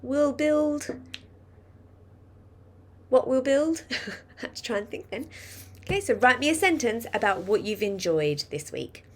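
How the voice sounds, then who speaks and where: A woman's voice: mid-range voice, very animated, normal speed, fairly bright tone, slightly rough. A woman teaching a phonics lesson, patiently dictating a sentence word by word and coaching children on spelling. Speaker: primary school teacher.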